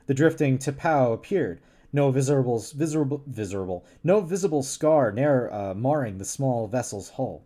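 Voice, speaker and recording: A man's voice: medium pitch, expressive, normal speed, warm tone. Male streamer, casual read-aloud, giggly, trips over words. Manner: giggly, stumbles and restarts often. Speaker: streamer reading a novel aloud.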